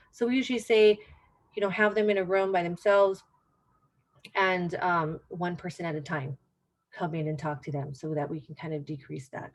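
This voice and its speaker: Middle-aged woman, dementia care educator; earnest, informal presentation style, drives home key points by repeating them. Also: fairly low pitch.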